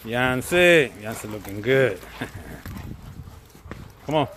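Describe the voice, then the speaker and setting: A man in a snowy backyard, talking slowly and fondly to his dogs as he films them, with dogs playing in the background. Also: medium pitch, big pitch swings, a bit bright, a little hiss or hum. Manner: slow, fond, talks to his dogs. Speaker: dog owner filming his dogs. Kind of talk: casual handheld commentary.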